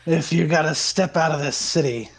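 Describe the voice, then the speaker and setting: A man's voice: a little high, gravelly, husky, heavily acted. A man voicing a hearty middle-aged tavern friend who talks in a jokey, ribbing way.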